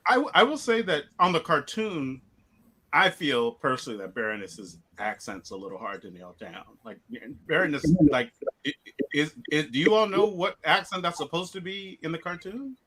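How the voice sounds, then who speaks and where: Bright, lively man co-hosting. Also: fairly high pitch, normal speed. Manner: lively, laughs easily, asks questions. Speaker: podcast co-host. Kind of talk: casual live-show chat.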